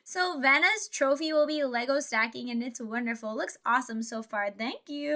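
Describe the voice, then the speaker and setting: A woman's voice: high voice, moderate pace, hardly any pauses, noisy background. A young woman VTuber chatting playfully with her live chat while she builds a Lego set. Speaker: VTuber streamer.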